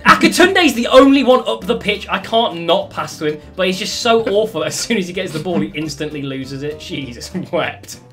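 Excitable man yelling at a game. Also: high-pitched, brisk, hardly any pauses, soft background music. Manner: loud exasperated outbursts and laughter. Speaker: gaming YouTuber. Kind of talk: excitable gameplay commentary.

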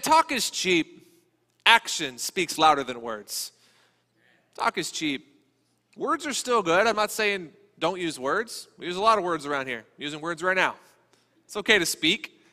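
A man preaching a sermon as a pastor, speaking in a conversational, animated way. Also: fairly high pitch. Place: church sanctuary. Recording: long church reverb.

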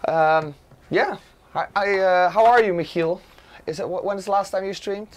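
Hoarse, raspy man hosting a stream. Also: high voice, normal speed. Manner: hesitant, many fillers and restarts. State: hoarse from being sick. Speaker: livestream co-host. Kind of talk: casual livestream chat.

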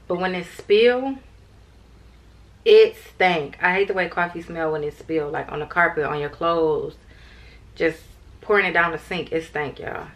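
A woman's voice: lowish voice, a bit bright. A young woman vlogging in a casual, rambling way, tired and chatting to her viewers as "y'all". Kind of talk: casual vlog chat to camera.

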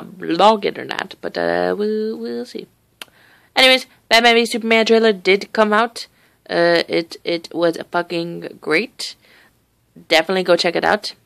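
Rambling, gravelly-voiced teenage girl vlogging. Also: mid-range voice, a bit bright, dry recording. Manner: rambling and chatty, swears casually. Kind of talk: casual chat. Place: lying on her bed at home, indoors.

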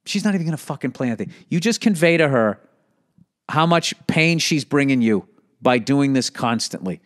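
A man's voice: mid-range voice, moderate pace. A middle-aged man with a Boston accent hosting a podcast, reading listener letters and ranting back with constant profanity. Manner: profane, animated ranting with frequent swearing; reads listener letters aloud, then rants back.

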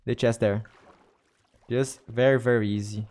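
A man with a Brazilian Portuguese accent talks casually to his viewers during a game livestream. His English comes in halting bits, with words repeated and restarted, at a mid pitch. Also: a little mellow. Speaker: streamer. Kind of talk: casual gaming livestream chat.

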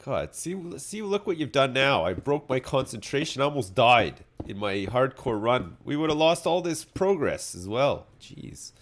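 A man's voice: medium pitch, big pitch swings, normal speed, hardly any pauses. A man streaming live gameplay, commenting in a sarcastic way and swearing freely as he plays. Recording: faint background noise.

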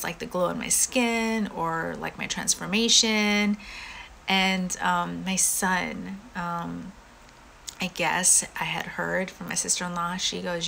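A woman speaks earnestly and casually in a live stream from home, her voice fairly low, bright and gravelly. She rambles through her thoughts with plenty of fillers. A faint hiss sits under her voice. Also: rough recording. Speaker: vlogger going live.

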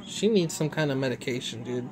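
Soft-spoken vlogger hushing and reassuring. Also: mid-range voice, animated, fairly quick, crowd noise. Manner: soft, hushed, reassuring, slipping into whispers. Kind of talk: casual vlog, soothing a pet.

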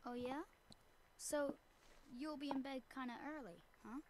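A woman's voice: high voice, unhurried, noisy background. A woman voicing an eager young boy who teases with coy questions. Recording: faint game audio from far off.

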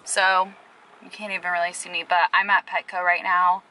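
A woman's voice: lowish voice, flat delivery, normal speed, pushed and bright, a little hiss or hum, poor audio. A young woman talking casually to camera in a vlog, chatty and rambling with lots of filler words. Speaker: vlogger.

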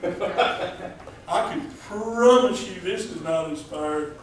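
Joking preacher in an echoey hall. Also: male voice, high-pitched, animated, extremely slow, a little hiss or hum. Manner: joking, asks the congregation questions. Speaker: pastor. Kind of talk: folksy sermon. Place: church hall. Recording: echoey hall, distant mic.

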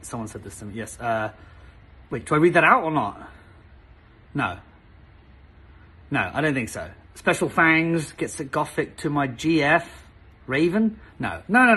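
Host, male, comedic read-aloud with wry asides; bright, a bit husky tone. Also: fairly high pitch. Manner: wry, self-interrupting, stumbles and restarts. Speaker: channel host reading fan fiction aloud. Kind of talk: comedic dramatic reading with asides.

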